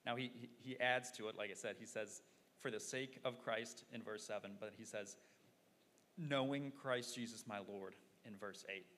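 A man's voice: fairly low pitch, moderate pace, fairly bright tone. A man preaching a sermon in an earnest, explaining way, often repeating words as he thinks. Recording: long hall reverb, faint noise.

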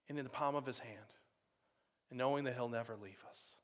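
A man in his thirties preaching an earnest sermon, telling a personal story and dropping to a hushed near-whisper at tender moments. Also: medium pitch, fairly even intonation, moderate pace. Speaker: pastor.

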